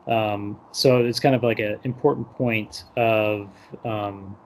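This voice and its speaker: A man's voice: fairly low pitch, fairly even intonation, slow, slight background noise. A young adult man hosting a podcast, recapping a film in a loose, rambling way full of "like" and acted-out quotes. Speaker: podcast host. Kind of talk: casual movie discussion. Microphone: podcast microphone.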